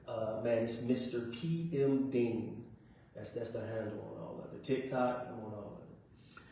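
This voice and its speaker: Man, from Chicago, radio guest, casual and talkative, dark mellow voice, distant mic, echoey room. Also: mid-range voice, unhurried. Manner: relaxed, talkative, says "man" often. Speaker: guest author. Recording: echoey room, far from mic, faint noise.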